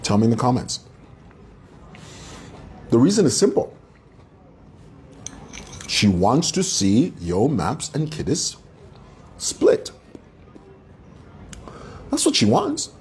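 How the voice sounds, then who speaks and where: A man's voice: medium pitch, wildly swooping pitch, slow pace, long pauses, a little mellow, a little hiss or hum. A man hosting an online commentary show, delivering a combative, mocking monologue and addressing his viewers like a preacher. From Zambia. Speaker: commentary channel host.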